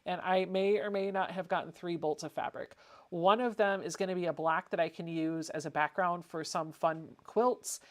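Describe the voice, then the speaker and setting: A woman's voice: lowish voice, steady tone, moderate pace. Chatty woman hosting a sewing livestream. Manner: chatty, reads viewer comments aloud. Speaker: livestream host. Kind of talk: casual livestream chat.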